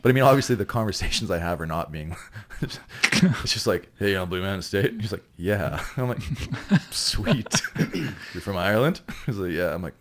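Canadian male actor, deep voice, loose laughing storyteller, casual chat. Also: lively intonation, moderate pace. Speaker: guest actor.

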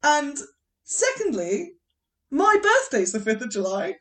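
English woman, podcast co-host, bright and bubbly, laughs a lot, sits slightly off-mic. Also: high-pitched, a little slow, far from the mic. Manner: giggly, animated, laughs often. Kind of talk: casual chat.

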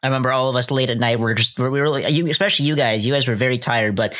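Podcast host guy, calm measured questions, middle pitch. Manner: measured, halting. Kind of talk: interview.

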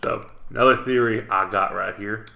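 A man co-hosts a laid-back chat and rambles through his ideas. His voice sits low but sounds bright. The room around him is echoey. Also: moderate pace, creaky. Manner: relaxed, rambling theory talk. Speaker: podcast co-host. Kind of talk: casual chat.

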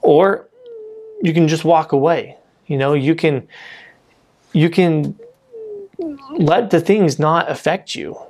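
A man's voice: fairly high pitch, slow, long pauses, a little mellow. A man giving a casual, conversational sermon, often saying "you know" and restarting his sentences. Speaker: preacher.

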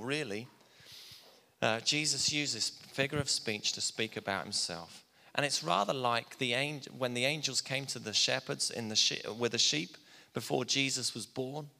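A man delivers a sermon in a plain, conversational storytelling manner. His voice is bright and carries a long reverb, as if it fills a church hall. He speaks at a middling pitch. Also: vocal fry. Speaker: pastor.

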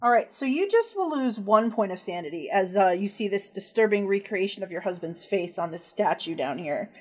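A woman's voice: mid-range voice, expressive, a little fast, a little mellow. A woman narrating as game master of a tabletop horror game, casual and descriptive, with frequent fillers.

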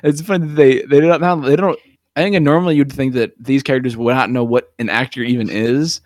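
A man co-hosting a podcast in a casual, easygoing chat at a medium pitch. He recaps scenes plainly and drops in short replies to agree. His voice sounds dry and close. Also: fairly even intonation, fairly quick, no echo. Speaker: podcast co-host.

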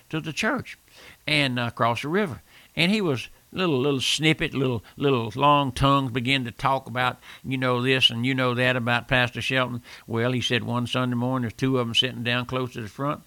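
A man's voice: mid-range voice, sharp tone, no room sound. An older man preaching a fervent radio sermon, repeating phrases and calling the listener "my friend".

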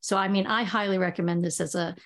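A woman's voice: on the low side, steady tone. Woman podcaster chatting with restarts. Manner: talks with quick restarts. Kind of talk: casual podcast discussion.

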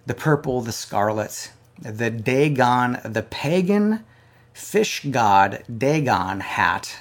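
A man preaching a sermon, moving between quiet conversational asides to his online audience and loud, emphatic declarations. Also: medium pitch, vocal fry. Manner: conversational, addresses a live-stream audience directly. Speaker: pastor.

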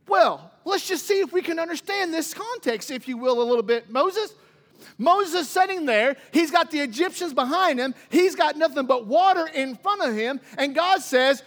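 A man's voice: very high voice, expressive, normal speed, a bit bright. A man preaching a sermon as pastor, speaking with dramatic emphasis and acting out the lines of Bible figures. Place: church sanctuary. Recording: long reverb in a hall.

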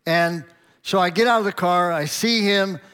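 A man's voice: high-pitched, moderate pace, fairly bright tone, clear, resonant tone. A middle-aged man, a pastor, tells a personal story in a sermon, chatty and anecdotal, acting out quoted dialogue with light chuckles.

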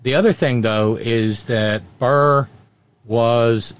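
A man's voice: mid-range voice, fairly even intonation, slow, smooth. Wry radio guy spinning stories, keeps restarting, kinda muffled sound. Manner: wry storyteller, frequent restarts. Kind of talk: radio talk show commentary.

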